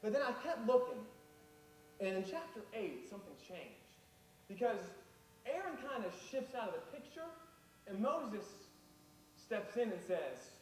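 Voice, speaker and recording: Animated, high-voiced preacher. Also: male voice, unhurried, long pauses. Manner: animated, casual storytelling. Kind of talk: sermon. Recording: echoey hall, far from mic, faint rumble.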